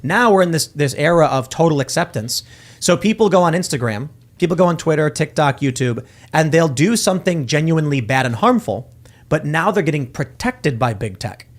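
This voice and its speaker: A man's voice: fairly high pitch, expressive, brisk. A man hosting a political talk show, arguing his point emphatically in casual chat. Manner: emphatic, argues with acted-out quotes. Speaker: podcast host.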